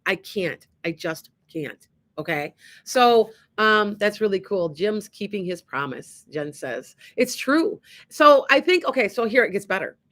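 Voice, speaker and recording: Middle-aged woman, radio host and medium, bright voice, lively storyteller who restarts often. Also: medium pitch, a little slow. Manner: animated, acts out quoted dialogue, many restarts. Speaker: psychic medium and show host. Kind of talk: casual storytelling on an internet radio show.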